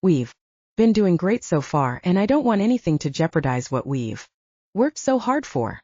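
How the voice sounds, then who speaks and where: A woman narrator voices a steady male band manager in a romance audiobook. He talks in calm, placating tones, mellow and expressive. The sound is dry and slightly dull. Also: on the low side, moderate pace, no echo. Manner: calm and reasoning.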